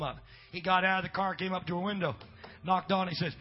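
A middle-aged male pastor with a high voice delivers a revival sermon. He swings from shouted preaching to easy, chatty storytelling. The recording sounds dull and lo-fi, with faint music underneath. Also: steady tone, fast talker. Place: church revival service.

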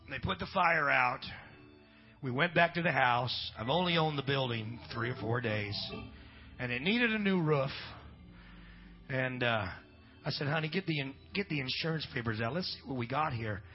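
A middle-aged pastor telling a story in a folksy sermon, dropping in amens and swinging between loud and hushed. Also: male voice, medium pitch, expressive, normal speed. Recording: dull lo-fi recording with faint music.

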